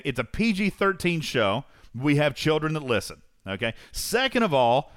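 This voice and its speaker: A man hosting a podcast in casual chat, playful, teasing and excitable. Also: mid-range voice, no room sound, clean studio sound. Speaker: podcast host.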